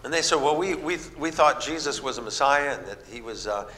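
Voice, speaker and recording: A little fast and medium-pitched, this middle-aged man from the American Midwest delivers a sermon built on folksy storytelling, voicing the people in his stories with animation. The sound is reverberant, as in a hall, with faint noise.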